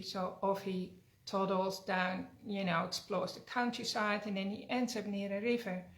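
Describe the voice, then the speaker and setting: An energy healer teaches in an earnest, conversational way, weaving in a fable and frequently adding tag questions. Her middle-pitched voice has fairly even intonation at normal speed, and the room gives the recording an echo.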